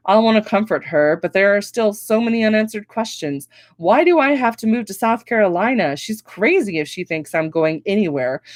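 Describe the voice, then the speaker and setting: Woman reading her novel aloud, lowish voice. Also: dry recording. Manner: expressive first-person storytelling. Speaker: author reading her book.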